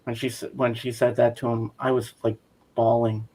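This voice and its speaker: A man's voice: mid-range voice, flat delivery, normal speed, warm tone, breathy edge, poor audio. A man in a casual group chat who tells stories earnestly and from the heart. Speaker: chat guest.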